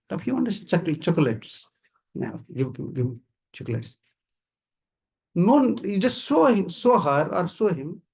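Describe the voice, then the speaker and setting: Gravelly, husky Indian-accented man preaching. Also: on the high side. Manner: repetitive, emphatic, asks listeners "you understand?", chuckles often. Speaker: visiting swami giving a talk. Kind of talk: informal sermon to a small group. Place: indoor house gathering.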